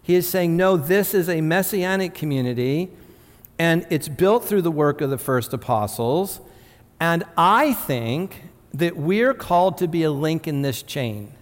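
A man in his late fifties preaches to his congregation in an earnest, teaching tone, often restarting and adding asides. His voice sits a little high for a man. A long reverb trails each phrase, as in a large hall. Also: animated, unhurried. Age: 50s. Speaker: pastor. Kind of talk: sermon.

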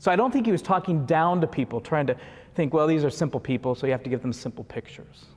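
A man's voice: fairly high pitch, animated, fast talker, darkish tone. A man giving a conversational sermon, with frequent asides and chuckles. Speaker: preacher. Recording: long reverb of a large hall.

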